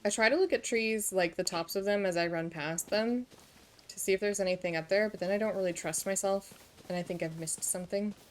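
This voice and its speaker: A woman's voice: medium pitch, brisk, slight background noise. A woman streaming a video game, chatting to herself and her viewers and reading the game's lines aloud. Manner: chatty, muses aloud, reads game text. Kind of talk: casual gameplay chat. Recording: faint game music behind.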